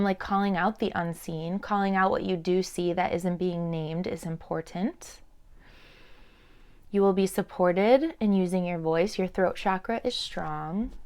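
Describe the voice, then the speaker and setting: A woman's voice: medium pitch, clear, resonant tone. Chatty woman reading oracle cards. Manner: chatty, meandering, with fillers and laughs. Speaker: tarot and oracle card reader. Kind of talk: intuitive card reading to camera.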